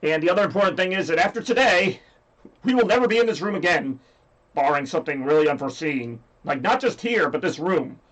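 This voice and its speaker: A man's voice: fairly high pitch, expressive, fairly quick, a bit bright. Scratchy-voiced man hosting a stream. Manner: rambly, jokey, reads chat aloud. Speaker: livestream host. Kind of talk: rambling casual stream chat.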